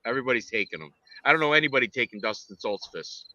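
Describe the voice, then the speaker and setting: Guy with a really bright voice going on about fight picks, kinda rambly, slightly dull lo-fi sound, dry room. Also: medium pitch, very fast, no echo. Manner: rambling, excitable, lots of restarts. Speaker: podcast co-host and fight picker. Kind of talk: casual fight-picks chat.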